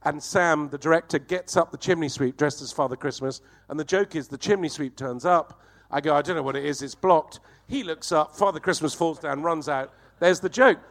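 Animated man telling a story. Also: on the high side, brisk, hardly any pauses. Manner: profane, animated, laughs while telling. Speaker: comedian guest. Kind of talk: anecdotal storytelling.

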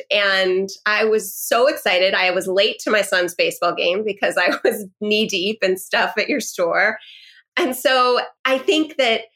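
A woman in her forties from Los Angeles, hosting a podcast interview and telling a story in an excited, effusive way. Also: medium pitch. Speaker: podcast host. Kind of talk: casual interview chat.

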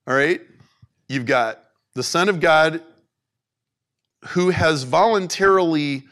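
A man giving an informal faith talk to an audience, animated and conversational, with plenty of "like"s. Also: on the high side, takes it slowly. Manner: animated, conversational preaching with many "like"s.

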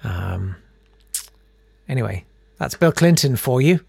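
A man's voice: medium pitch, sing-song, takes it slowly, gravelly, slightly rough, dry recording. A man hosting a casual news chat, sarcastic and rambling, full of ums and uhs. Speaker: host.

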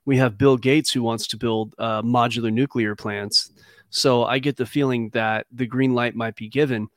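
A man from the United States chats casually as a podcast guest, loose and conversational with frequent fillers. His voice sits at an ordinary pitch and the sound is dry and close, with no room echo. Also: normal speed. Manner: relaxed, conversational, uses fillers like "you know" and "dude". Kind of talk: casual chat.

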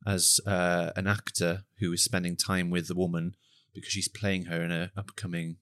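A man's voice: low-pitched, flat delivery, moderate pace, fairly bright tone, clean tone, no room sound, clean studio sound. A man co-hosting a podcast, teasing his friends and recommending a film in casual chat. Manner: teasing, playful. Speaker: podcast co-host.

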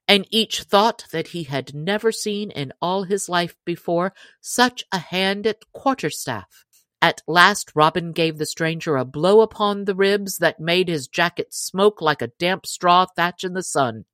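A woman narrating an old adventure tale in a measured, expressive reading. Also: on the low side, no echo, clean studio sound. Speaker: audiobook narrator. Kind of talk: storybook reading.

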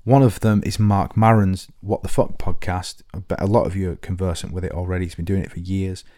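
A man's voice: low-pitched, steady tone, fairly quick, warm tone, no room sound, studio quality. A man hosting a podcast, talking to listeners in a rambling, self-deprecating comic monologue full of restarts. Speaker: podcast host.

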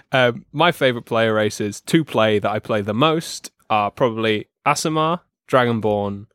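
A man's voice: fairly low pitch, a little slow, a bit bright, clear, resonant tone, dry recording, clean studio sound. A man hosting a casual chat as a dungeon master, playful and teasing, laughing often.

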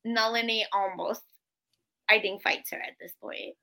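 A woman co-hosting a casual podcast, telling animated stories and acting out quotes. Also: a little high, measured pace. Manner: animated storytelling with acted quotes. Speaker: podcast co-host. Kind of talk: casual chat.

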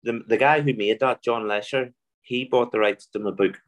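A man with a Belfast accent, a guest author telling animated stories in an interview. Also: medium pitch, normal speed. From Belfast, Northern Ireland. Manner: animated storyteller, mimics voices in anecdotes. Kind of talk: storytelling interview.

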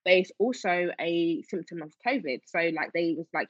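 A woman's voice: on the low side, expressive, moderate pace, hardly any pauses, no room sound. A woman telling a personal story as an interview guest, emotional, with many fillers and restarts. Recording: dull dry lo-fi sound.

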